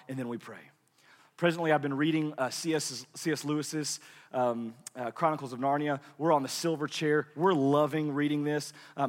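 Preacher man in a reverberant hall. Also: medium pitch. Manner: swings from hushed murmurs to shouted peaks. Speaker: pastor. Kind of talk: sermon.

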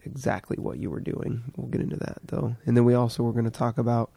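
Gravelly, mellow-voiced man hosting a podcast. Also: mid-range voice, quick pace, no echo. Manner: relaxed, loose, swears freely. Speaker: podcast host. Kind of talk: casual conversation with a friend.

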